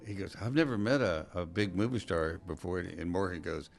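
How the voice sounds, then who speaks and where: A man's voice: sits low, normal speed, vocal fry. A male talk show host in casual conversation, telling stories and acting out quoted voices. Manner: storytelling, acts out quoted voices. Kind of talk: casual chat.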